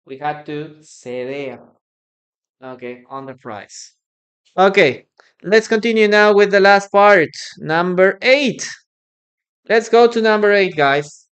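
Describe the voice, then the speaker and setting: Peruvian spanish accent english teacher, slow and patient, says words over and over for practice. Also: medium pitch, lively intonation, a bit bright. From Peru. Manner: repeats words slowly and drills pronunciation; encouraging, thanks viewers often. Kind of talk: live online English lesson.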